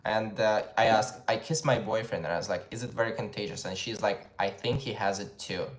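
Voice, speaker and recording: A man's voice: on the low side, fairly even intonation, brisk. A young man with a Russian accent, chatting on a livestream and telling a story while acting out what people said. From Ukraine. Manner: chatty storytelling, acts out quotes, says "holy moly". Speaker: livestream host. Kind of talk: casual live chat. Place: home, at a dining table. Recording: roomy echo.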